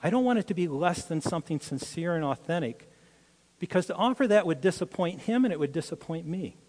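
Older male pastor, slightly high voice, earnest storytelling sermon, lingering hall reverb. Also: expressive, a little fast, a little mellow. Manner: earnest, personal storytelling with frequent restarts.

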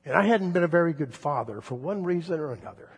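A middle-aged male pastor delivers a gentle, earnest sermon, leaning into key words with slow emphasis. His voice sits a little high and carries a husky edge. The sound hangs in the long reverb of a church hall. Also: expressive.

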